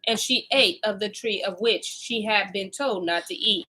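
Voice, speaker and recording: A woman's voice: medium pitch, normal speed, bright, forceful tone, a little hiss or hum, lightly acted, rough recording. A woman reading the lines of a weary, grieving old man who is dying, in her own voice. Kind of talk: reading scripture aloud.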